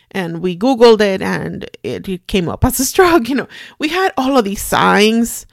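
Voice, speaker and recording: A woman in her forties, hosting a podcast, telling a personal story in a somber, reflective and halting way. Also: mid-range voice, gravelly, dry recording, clean studio sound. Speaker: podcast host.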